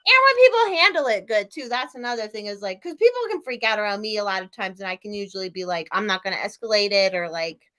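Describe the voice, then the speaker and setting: A woman's voice: mid-range voice, expressive, fast talker, sharp tone. A woman co-hosting a podcast in casual chat, a little tipsy, rambling with lots of "like" and frequent laughs. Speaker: podcast co-host.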